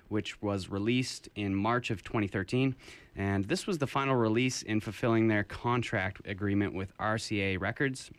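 Raspy male radio co-host, low voice, dry close studio sound, relaxed rambling chat. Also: no echo. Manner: relaxed, rambling delivery with fillers. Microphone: studio headphones and mic.

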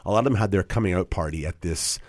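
A man's voice: deep voice, quick pace, a little mellow, no echo, clean studio sound. A man with a Canadian accent hosting a live radio show, chatting casually with fillers and restarts. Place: radio studio.

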